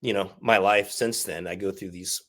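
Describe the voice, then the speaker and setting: A man's voice: low-pitched, steady tone, normal speed, a bit bright. A man in his forties, an army veteran and podcast guest, telling his story in a frank, profane way and laughing through the hard parts. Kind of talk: candid interview storytelling.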